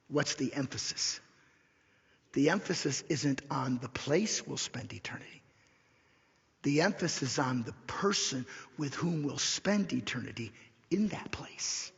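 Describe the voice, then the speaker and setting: Male pastor, sermon delivery, raspy and gravelly, dull lo-fi sound, slows and whispers on key points. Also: medium pitch, animated. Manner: repeats key lines slowly for emphasis, drops to a whisper. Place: church sanctuary. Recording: dull lo-fi recording in a reverberant church hall.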